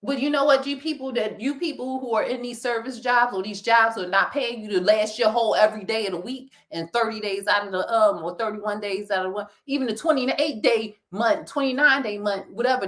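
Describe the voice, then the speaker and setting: A woman with a Philadelphia accent, co-hosting a casual talk show and ranting in an animated, preachy way with frequent laughter. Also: on the high side, brisk, hardly any pauses. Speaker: podcast co-host.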